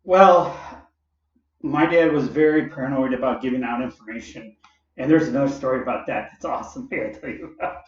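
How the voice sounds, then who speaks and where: A man's voice: medium pitch, fairly quick. A man casually telling a personal story in a rambling way, full of fillers and asides. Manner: rambling and digressive, with many fillers and laughs. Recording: roomy, distant and dull.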